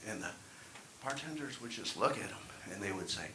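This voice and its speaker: A man's voice: on the low side, lively intonation, brisk, bright, forceful tone. A man performing a wry, self-deprecating stand-up set at an open mic. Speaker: stand-up comedian. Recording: echoey room, faint hiss.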